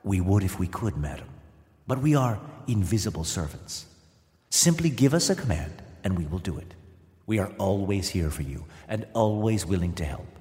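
A man voicing polite invisible servants in a soft, hushed, formal voice. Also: sits low, animated, normal speed, big-room sound, pitched below the performer's own voice. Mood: dutiful.

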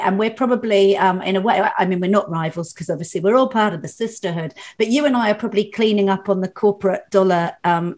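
A woman's voice: medium pitch, a little mellow. A woman from Britain, a comedian and corporate speaker, chatting casually with fillers and restarts. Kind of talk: casual conversation.

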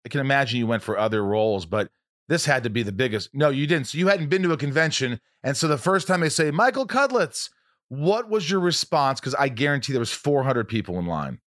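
A man's voice: medium pitch, animated, quick pace, a bit bright, no room sound, clean studio sound. A man hosting a podcast, casual and jokey, interviewing his guest. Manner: jokey, emotional, cracks puns. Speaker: podcast host.

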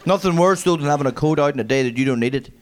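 A young man with a strong accent doing a stand-up comedy set, mumbling and wry in a deadpan way. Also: fairly high pitch, very fast. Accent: strong regional accent. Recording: noisy live venue recording.

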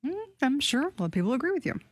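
A woman's voice: sits high, big pitch swings, racing, dry recording, clean studio sound. A woman co-hosting a radio show, joining the banter in an amused, playful way. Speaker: radio co-host. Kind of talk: studio banter.

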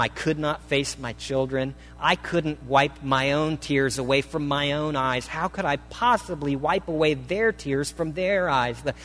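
A man preaching a sermon, reading a testimony aloud in the first person with an earnest, dramatic delivery that swells and hushes. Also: fairly high pitch. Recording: reverberant hall with faint hum.

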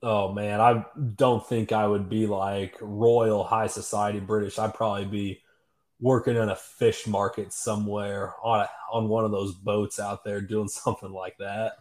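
A man's voice: on the low side, little pitch movement, normal speed, darkish tone. A man co-hosting a sports podcast, laid-back and a little hesitant, chuckling between thoughts. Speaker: sports writer and podcast co-host. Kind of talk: casual sports podcast chat.

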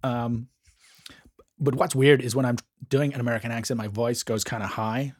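An Englishman with a husky, slightly breathy voice talks through technical ideas on a podcast. His humor is dry and self-deprecating, and the recording is close and dead, with no room sound at all. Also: medium pitch, flat delivery, no room sound. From England. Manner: dry, self-deprecating, explains slowly and deliberately. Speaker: co-host, mastering engineer. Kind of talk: casual podcast chat.

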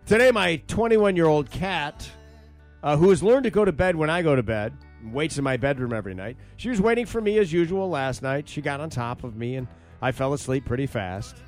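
A man's voice: a little high, a little fast, faint music behind. A man hosting a talk show, reading out funny stories and joking around in casual banter. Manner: joking, animated storytelling. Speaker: radio show host reading listener stories.

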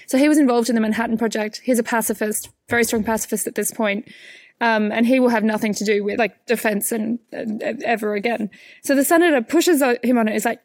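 A woman with an Australian accent, a particle physicist and author answering interview questions in a lively, story-telling way. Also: on the high side, no echo. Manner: animated storyteller, fillers and quick restarts.

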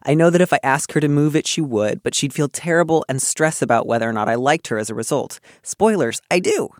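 A man's voice: on the high side, animated, brisk, no room sound, studio quality. A man hosting an advice podcast, reading a listener letter and answering it in an earnest, wry, thoughtful way with many filler words. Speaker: advice column host. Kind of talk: casual podcast advice chat.

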